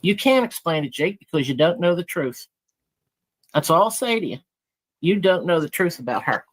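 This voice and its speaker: A woman's voice: fairly low pitch, big pitch swings, moderate pace. A woman in a live group chat, talking indignantly and defending herself against someone she accuses. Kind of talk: casual heated chat.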